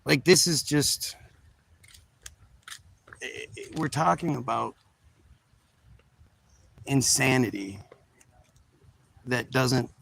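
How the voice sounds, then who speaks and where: A man's voice: mid-range voice, animated, drawn-out words, vocal fry, long pauses, a bit bright, low-quality recording. A man hosting his own video, giving emphatic, rambling commentary to viewers with many repeated restarts. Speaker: video host.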